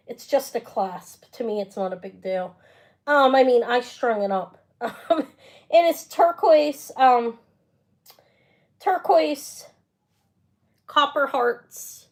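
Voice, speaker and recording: A woman's voice: a little high, slow. A middle-aged woman selling jewelry on a live stream, chatting casually and rambling with muttered asides. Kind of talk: casual live sales chat.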